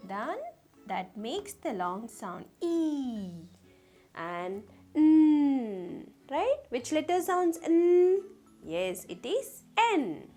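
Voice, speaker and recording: A woman teaching a children's phonics lesson, slowly sounding out letters and asking the class questions. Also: sits high, sing-song, a little mellow, soft background music.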